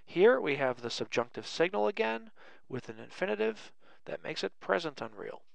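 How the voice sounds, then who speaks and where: Man, English teacher, gravelly voice, deliberate word-by-word dictation, dry sound. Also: fairly high pitch, sing-song, no echo. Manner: light self-mocking humor. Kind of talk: grammar lesson at a board.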